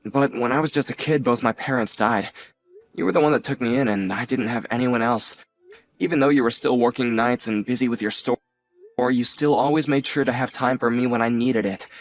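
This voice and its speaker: A man's voice: medium pitch, a little fast, faint music behind, natural voice. A man playing an earnest young nephew. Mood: heartfelt. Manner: earnest, apologetic. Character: grateful young adult nephew, earnest and sheepish. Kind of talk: audio drama acting.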